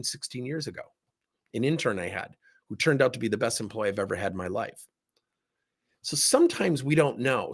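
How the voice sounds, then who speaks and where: A middle-aged man with a gravelly, husky voice coaching on leadership. He tells workplace stories and acts out both sides of each exchange, and his pitch swings widely. The delivery is animated and lively. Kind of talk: livestream talk with acted anecdotes.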